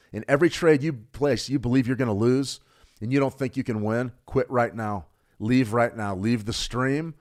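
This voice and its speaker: A middle-aged man coaching traders in a live workshop, blunt and emphatic, repeating points for stress. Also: mid-range voice. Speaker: trading coach.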